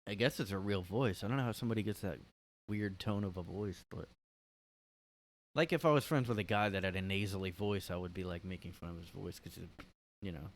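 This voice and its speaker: A man's voice: low voice, fairly quick. A man hosting a casual solo podcast from his room, rambling and hesitant, full of "like". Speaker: podcast host.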